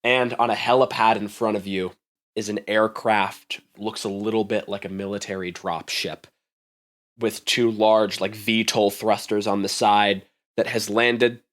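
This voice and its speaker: A man's voice: lowish voice, level tone, a little slow, fairly bright tone. A man narrating a tabletop game as game master, vivid and often laughing.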